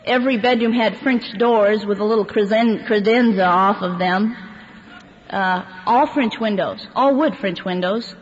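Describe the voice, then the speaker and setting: A woman's voice: mid-range voice, a little slow, a little hiss or hum. Woman, recovery testimony, candid storyteller, laughs often, echoey hall, dull lo-fi sound. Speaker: speaker sharing a recovery story. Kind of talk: personal testimony to a recovery meeting.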